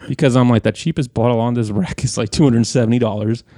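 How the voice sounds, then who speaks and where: A young man co-hosting a podcast, telling a story in an animated way, swearing and acting out what people said. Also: medium pitch, fast talker, dry recording, studio quality. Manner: animated, profane, acts out quoted voices. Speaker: podcast co-host. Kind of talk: casual storytelling chat.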